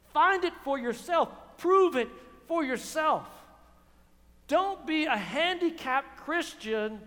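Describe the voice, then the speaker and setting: A man preaching a sermon in a sarcastic, quick manner, often repeating words, in a church. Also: extremely high pitch, a bit bright. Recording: long hall reverb.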